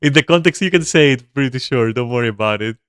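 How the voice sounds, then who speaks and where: A man's voice: medium pitch, lively intonation, fast talker, fairly bright tone, smooth, no echo, clean studio sound. A young man streaming a video game, chatting casually to his viewers in a rambling, swearing, laugh-prone way. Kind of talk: casual gameplay commentary to chat.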